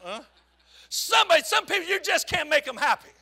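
A male preacher giving an animated sermon, with shouted bursts and folksy storytelling asides. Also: very high voice, fairly quick, vocal fry.

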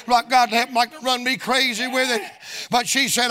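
A middle-aged man, preaching a storytelling sermon in a folksy, sing-song cadence that rises into shouts. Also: extremely high pitch, little pitch movement, moderate pace. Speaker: evangelist preacher.

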